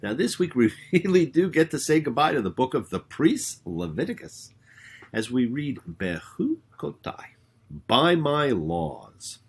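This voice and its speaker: A man, a rabbi hosting his own show, giving a spoken sermon with emphatic, drawn-out words. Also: on the high side, big pitch swings, a little mellow, husky. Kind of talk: spoken sermon with prayer and sung hymn.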